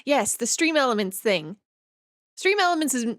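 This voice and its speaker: A woman's voice: on the high side, sing-song, normal speed, a bit bright, no room sound, clean studio sound. A woman from northern Canada, a streamer chatting casually with her viewers in a rambling, easygoing way as she reads and answers chat.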